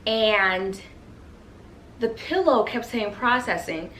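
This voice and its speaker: A woman's voice: on the high side, lively intonation, slow pace, fairly bright tone. A woman chatting casually to her viewers in a home vlog, gushing and talkative, recorded by a camera on a bedroom floor. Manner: chatty, gushing, addresses viewers as you guys. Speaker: lifestyle vlogger. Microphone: camera on the floor at eye level. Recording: echoey room with faint hum.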